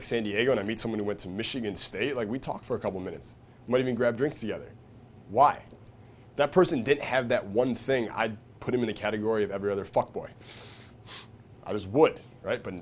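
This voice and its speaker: Lowish-voiced guy coaching a seminar, swears a lot, keeps asking "right?", faint hiss. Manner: profane, casual, keeps checking in with "okay?" and "right?". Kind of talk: live seminar lecture.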